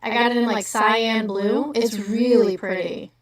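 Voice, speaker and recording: A woman with a New Jersey accent rambles through casual livestream chat, swearing freely and laughing often. Her voice sits a little high and reaches the listener from a distance. It comes from an echoey room with the mic set well away. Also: fairly even intonation. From New Jersey, USA. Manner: rambling, profane, quick to laugh. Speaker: livestream host.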